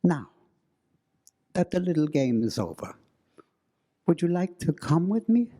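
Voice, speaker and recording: A man voicing an eerie, insistent woman visitor with a put-on Middle European accent, beckoning slowly. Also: on the high side, big pitch swings, warm tone, voice pushed up. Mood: sly.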